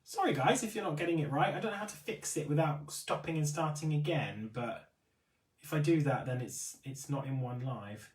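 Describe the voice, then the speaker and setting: Hosting a livestream for a beauty retailer, a man with a fairly high voice speaks at a moderate pace, reads viewers' comments aloud and keeps saying sorry in his casual chat. The mic is distant and the sound is roomy.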